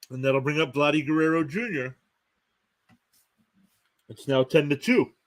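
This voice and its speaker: With a slightly high voice and slow pace, this young live-stream host reacts to a baseball game play by play, announcing scores and thanking his viewers as he commentates.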